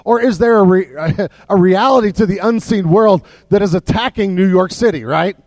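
A man with a high-pitched voice delivers a sermon from the pulpit, chatty and full of fillers and restarts. He sometimes drops to a soft, low voice for emphasis. The sound is dry and close. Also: moderate pace, no room sound. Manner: conversational preaching with many fillers and restarts. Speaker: pastor.

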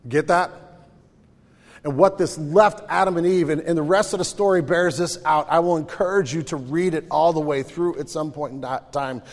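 A pastor delivers an animated sermon in a church, his voice sitting a little high and talking casually to the congregation. Long reverb from the hall trails behind every phrase. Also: moderate pace. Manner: conversational, animated, acts out voices in his stories.

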